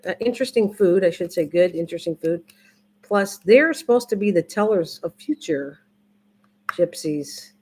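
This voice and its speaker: A woman's voice: medium pitch, darkish tone. An older woman hosting a crafting live stream, chatting casually with viewers in a rambling, repetitive way. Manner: rambling, repeats herself, restarts often. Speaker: livestream crafting host.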